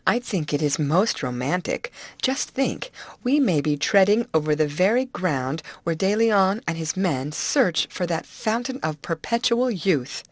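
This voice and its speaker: A woman voicing an excitable young girl who talks eagerly and dreamily. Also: on the low side, unhurried, no echo. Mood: dreamy.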